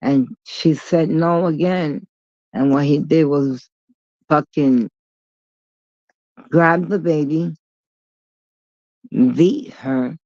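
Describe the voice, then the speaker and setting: A woman in a slow, rambling vlog monologue, blunt and swearing freely as she drifts off topic and back. Her voice sits dry and close, with no room around it, on a dull, lo-fi recording. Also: low voice, darkish tone, no echo. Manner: blunt, profane, digressive. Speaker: vlogger.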